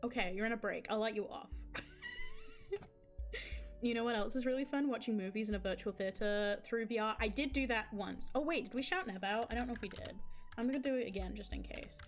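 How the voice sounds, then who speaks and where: A woman's voice: a little high, fast talker, soft background music. A woman streamer reading a visual novel aloud and chatting with viewers in a rambling, self-mocking way, with frequent restarts.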